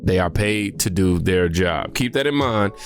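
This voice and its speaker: A man's voice: sits low, animated, unhurried, soft background music. A man giving casual political commentary in a conversational way, with frequent fillers.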